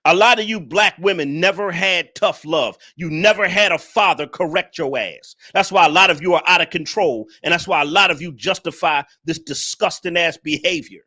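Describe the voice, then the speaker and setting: A man lectures his livestream audience, scolding and repeating himself over and over. His voice is bright and tense and sits a little high. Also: moderate pace, few pauses. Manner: preachy, scolding, repetitive. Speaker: livestream commentator. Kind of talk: ranting livestream commentary.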